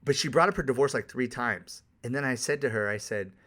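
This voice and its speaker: A man's voice: mid-range voice, brisk, fairly bright tone. A man who works as a life coach, giving a candid, profane, conversational solo monologue on a podcast.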